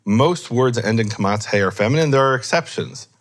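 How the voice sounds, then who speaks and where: A man explaining grammar in a relaxed teaching discussion, thinking aloud and correcting himself as he goes. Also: medium pitch, a little fast. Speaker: Hebrew scholar teaching.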